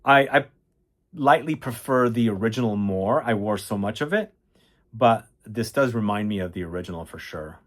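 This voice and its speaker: A man's voice: on the low side, normal speed. A man casually reviewing fragrances, chatty and enthusiastic, rambling with fillers and restarts.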